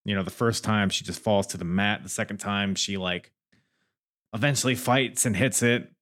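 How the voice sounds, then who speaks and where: A man's voice: lowish voice, steady tone, normal speed, a bit bright. Male podcast host, casual rambling recap, jokey and profane. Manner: rambling, joking and profane, with many restarts.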